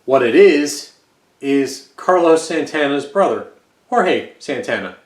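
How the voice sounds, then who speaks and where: A man's voice: on the high side, slow pace. A man from the United States rambling casually about the records he collects, with lots of fillers. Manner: rambling and relaxed, with frequent fillers. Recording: echoey room.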